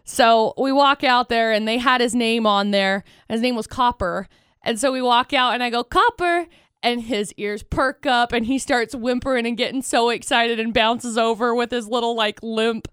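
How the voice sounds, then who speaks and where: A woman's voice: fairly high pitch, fairly even intonation, moderate pace, fairly bright tone, clear, resonant tone, no room sound. A woman co-hosting a morning radio show, talking emotionally and close to tears. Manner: emotional, tearful and gushing. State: near tears. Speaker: radio co-host.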